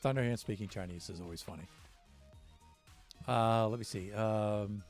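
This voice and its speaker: A man's voice: fairly low pitch, steady tone, moderate pace, a little mellow, soft background music. An American man casually chatting with his stream viewers, rambling with lots of fillers and restarts. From United States.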